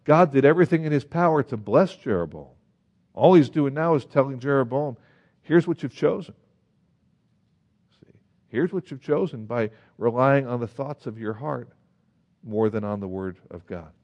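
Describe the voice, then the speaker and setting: Male pastor, sermon read, lively questions to the flock, dull lo-fi sound, middle-pitched voice. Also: normal speed, pauses often. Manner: animated, with rhetorical questions to the congregation; reads scripture aloud in old-fashioned wording. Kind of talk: sermon Bible teaching.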